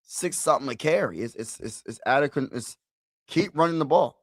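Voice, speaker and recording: Excitable man calling plays live. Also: mid-range voice, fairly quick, no echo, studio quality. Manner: excitable, slangy, talks to viewers as "bro"; rises loudly when calling big plays. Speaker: sports streamer. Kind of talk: live play-by-play commentary and reaction.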